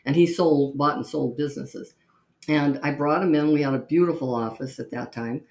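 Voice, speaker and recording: Gravelly-voiced woman telling stories. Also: sits low, moderate pace, reverberant. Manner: lively storyteller who acts out quoted voices. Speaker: podcast host. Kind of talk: storytelling monologue.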